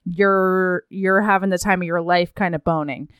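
A woman's voice: fairly low pitch, steady tone, moderate pace, fairly bright tone, clean tone, dry recording, studio quality. A woman co-hosting a podcast, recapping a book in a giggly, irreverent way and swearing freely. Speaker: podcast co-host. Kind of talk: casual chat, book recap.

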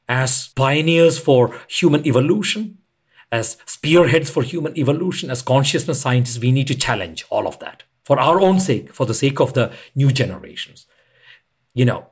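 A man with a husky, slightly breathy voice talks as a podcast guest. His pitch rises and falls in an animated way as he explains, earnest and emphatic, with pauses for weight. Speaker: podcast guest, retreat leader. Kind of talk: reflective conversational explanation.

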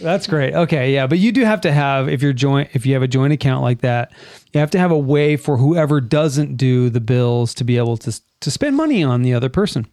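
A man's voice: medium pitch, expressive, fairly quick, a little mellow, no echo. Blunt, swearing man hosting podcast trivia. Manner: blunt, swears freely, reads quiz questions. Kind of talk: casual chat among friends.

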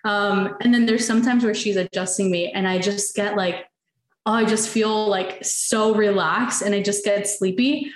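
Woman, podcast guest, casual chat, lively storytelling, roomy echo. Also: mid-range voice, normal speed. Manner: animated storyteller, acts out conversations.

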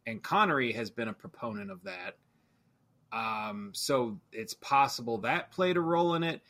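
Man, bright voice, casual movie podcast host, rambling, self-correcting. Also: medium pitch, animated, normal speed, creaky.

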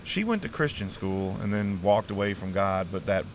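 A man's voice: sits low, very animated, moderate pace, slight background noise. A middle-aged man, an interview guest, telling his personal testimony earnestly and emotionally, restarting often and saying "man" a lot.

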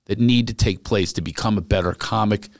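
A man, a stand-up comic, chatting casually and telling animated stories, acting out the people he quotes. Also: lowish voice, fairly quick, no room sound. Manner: animated storyteller, acts out quotes. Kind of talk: casual podcast chat.

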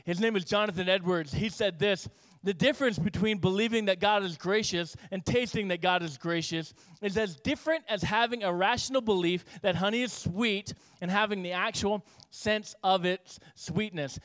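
A man preaching a sermon as pastor, telling stories with acted-out dialogue. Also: sits high. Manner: animated storytelling with acted-out dialogue.

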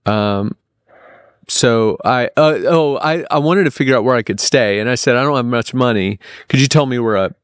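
A man's voice: medium pitch, normal speed, clean tone, no room sound, studio quality. A young man telling a personal story as a podcast guest, rambling with lots of fillers and restarts. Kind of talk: casual storytelling.

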